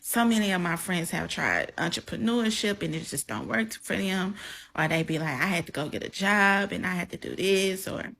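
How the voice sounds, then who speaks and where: A woman's voice: on the low side, expressive, moderate pace, creaky, fairly bright tone, a little hiss or hum. A young woman talking heartfelt to her camera in a vlog, close to tears. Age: young adult. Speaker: content creator. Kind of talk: emotional reaction vlog. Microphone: camera mic, facing camera.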